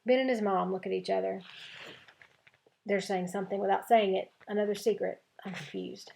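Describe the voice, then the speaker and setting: A woman teacher reading a chapter book aloud to her class, with clear, expressive storytelling. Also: mid-range voice, normal speed, slight background noise.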